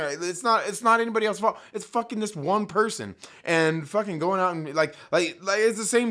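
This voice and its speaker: A bright, forceful man ranting about a movie in a loose, profane way. His voice sits a little high for a man. He rambles, piles up fillers and swears freely as he works himself up. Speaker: movie commentary host. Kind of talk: casual rant, film review.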